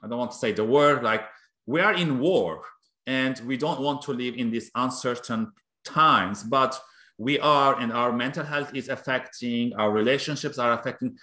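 A male interview host with a bright, sharp voice asks his questions and answers his guest warmly, often with a short yes. The sound rings in a roomy space. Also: medium pitch, moderate pace. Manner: warm, affirming, many short yeahs. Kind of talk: interview conversation.

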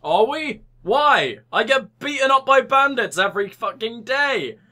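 A man's voice: very high-pitched, big pitch swings, measured pace, sharp tone. A young man riffing sarcastically and crudely while commentating his gameplay. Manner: sarcastic, rambling, crude jokes. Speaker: let's play host.

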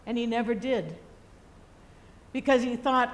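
Woman preacher, slow and gentle, reflective storyteller. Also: on the high side. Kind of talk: sermon storytelling.

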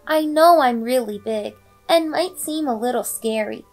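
A woman voicing a big, gentle, lonely male dog who speaks in an earnest, pleading way. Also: on the high side, a little slow, faint music behind, lightly acted.

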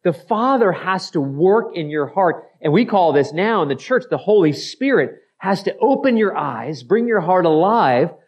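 A man's voice: high voice, very animated, normal speed, hardly any pauses, dull audio. A male pastor preaching an expository sermon, acting out skeptical voices and often repeating and correcting himself. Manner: repeats phrases, self-corrects mid-sentence.

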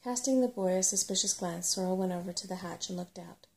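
In a lowish voice with a faint gravelly edge, a woman gently reads a storybook aloud. Her soft-spoken ASMR delivery takes its time.

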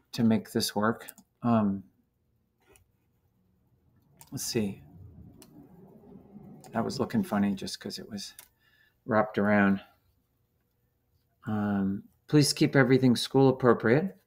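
Slow gravelly man teaching coding. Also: medium pitch. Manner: slow, halting, many fillers. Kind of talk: screencast coding lesson.

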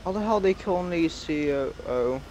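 A man's voice: on the high side, lively intonation, normal speed. A man chatting as a teammate in an online game, grumbling and easily irritated. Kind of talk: casual gaming chat. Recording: loud background noise.

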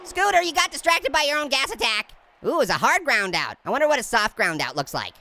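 Cartoon talking orange, hyper and giggly, squeaky and gravelly, bouncing all over the place. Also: male voice, very animated, brisk, sharp tone, a little hiss or hum, heavily acted. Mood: giddy. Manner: giggling, pun-cracking, taunting. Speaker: gameplay commentator. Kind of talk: comedic let's-play commentary. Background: game music.

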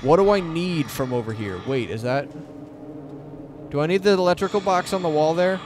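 Speaking at normal speed in a slightly high, animated voice, a young man commentates a let's play. He's on edge throughout, swearing and talking back to the game's characters.

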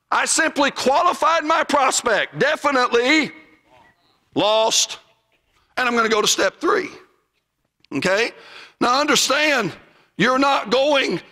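A man's voice: extremely high pitch, sharp tone, big-room sound. A man with a Southern US accent, teaching evangelism in a church in a folksy, emphatic sermon style, now and then raising his voice. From Southern United States.

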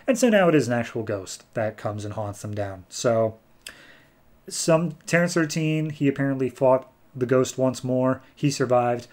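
A man's voice: medium pitch, measured pace. Chatty male comics podcast host. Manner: chatty, recaps plots and briefly acts out characters. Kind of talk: casual comic book review.

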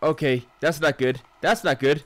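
A man's voice: fairly high pitch, steady tone, normal speed. A man commentating a horror game, jumpy and profane, yelping when startled. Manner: jumpy, swears a lot, yelps when startled. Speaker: gaming channel host. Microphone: desk mic.

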